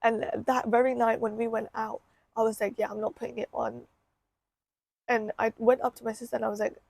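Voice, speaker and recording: A woman's voice: fairly high pitch, little pitch movement, a little fast, gravelly, darkish tone, no room sound. A young woman vlogger telling a painful personal story in a candid, emotional way, often repeating herself.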